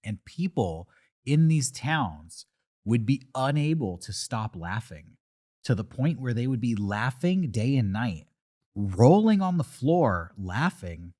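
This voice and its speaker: Animated, teasing male podcast co-host. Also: mid-range voice, takes it slowly. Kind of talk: casual chat.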